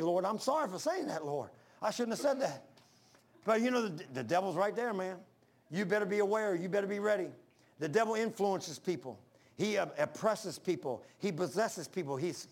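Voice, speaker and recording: High-voiced man preaching a folksy sermon. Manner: storytelling with quick shifts between loud highs and low murmurs; folksy, says "man" often.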